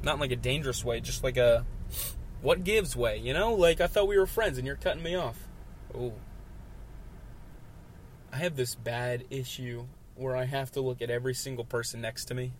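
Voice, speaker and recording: A man in his twenties talking a rambling solo podcast from his phone while driving, easygoing and chatty, then bursting into loud rants. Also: mid-range voice, normal speed. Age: 20s. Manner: chatty, flips into loud ranting. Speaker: podcast host. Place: inside a moving car. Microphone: phone mounted in the car. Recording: car noise in the background. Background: road and engine noise.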